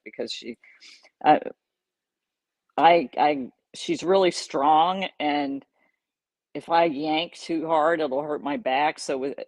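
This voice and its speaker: A middle-aged woman hosting a podcast, casually recounting a personal story in an animated way, chuckling and restarting her sentences. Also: low voice, dry recording. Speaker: podcast host.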